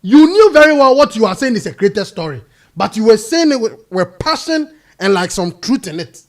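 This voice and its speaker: Lively high-voiced Ghanaian man. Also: normal speed. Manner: emphatic, mixing English and Twi. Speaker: panelist. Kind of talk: animated panel discussion.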